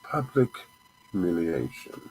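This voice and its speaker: A man's voice: sits low, wildly swooping pitch, unhurried, dark tone, a little hiss or hum, poor audio. A man hosting a show, ranting angrily with profanity and repeating himself. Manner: angry, profane, repetitive rant. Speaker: host. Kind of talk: ranting commentary.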